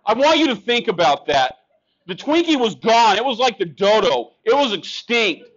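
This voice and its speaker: A man's voice: high voice, sing-song, moderate pace, a bit bright, dull audio. A man doing a stand-up comedy set on a club stage, sarcastic and ranting at the crowd. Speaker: stand-up comic.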